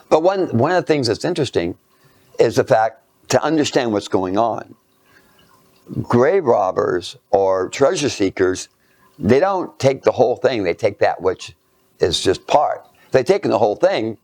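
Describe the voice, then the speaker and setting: Man, low gravelly voice, halting self-mocking storyteller, dry close sound. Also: very animated, a little mellow, no room sound. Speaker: lecturer. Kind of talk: anecdotal storytelling lecture.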